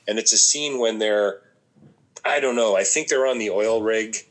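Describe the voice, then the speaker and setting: A man in casual conversation about a film, thinking aloud with frequent pauses and restarts. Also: lowish voice, low-quality recording. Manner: reflective, thinks aloud with many ums and restarts. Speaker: podcast co-host discussing a film.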